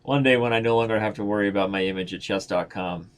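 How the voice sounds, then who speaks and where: A man's voice: lowish voice, fast talker, smooth. A man streaming blitz chess and commenting on his own moves in a playful, slangy way.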